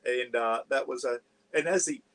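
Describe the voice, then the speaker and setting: This Australian vlog host rambles chattily through a casual livestream from his parked caravan, throwing in "bloody" every so often. He speaks at a moderate pace in a medium-pitched, slightly bright voice, on a rough recording.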